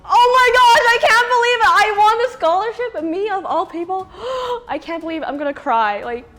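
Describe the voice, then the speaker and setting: A woman's voice: very high-pitched, expressive, brisk, sharp tone, soft background music. A young woman, a scholarship winner, talking with many "like" fillers. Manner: talkative, "like" fillers.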